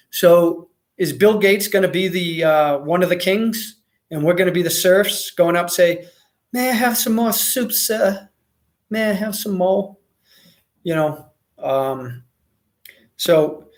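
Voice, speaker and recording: An American man hosts a casual livestream, answering viewer comments as he goes. His talk rambles, full of fillers and restarts, and his voice sits a little higher than most men's. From United States. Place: Mexico.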